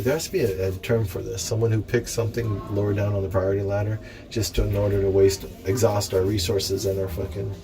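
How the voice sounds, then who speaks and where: A man's voice: lowish voice, mellow. A young man rambling profanely as he reads aloud from a book and adds jokey asides. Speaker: vlogger reading and commenting on a book. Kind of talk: rambling casual commentary. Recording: noisy background ambience.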